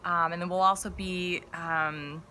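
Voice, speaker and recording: A young woman chats casually as co-host, teasing and chatty, her voice bright and lower than most women's. A faint hiss sits under the talk. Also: steady tone, measured pace. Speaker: podcast co-host. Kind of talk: casual live-stream chat.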